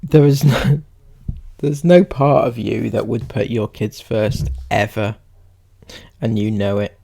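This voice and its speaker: Slow, gravelly sarcastic male commentator. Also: mid-range voice, steady tone, dark tone. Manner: mocking, sarcastic, amused. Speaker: commentary YouTuber.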